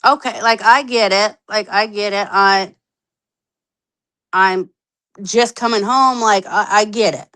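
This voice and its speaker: A woman in her thirties telling her own story candidly on a podcast, animated, acting out the voices she quotes and swearing freely. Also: mid-range voice, slow pace, pauses often, clean tone, rough recording. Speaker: podcast guest.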